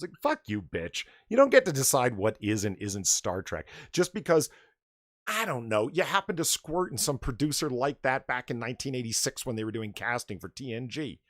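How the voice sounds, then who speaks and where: A man's voice: mid-range voice, no room sound, studio quality. A man hosting a casual livestream chat, sarcastic and profane. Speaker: host.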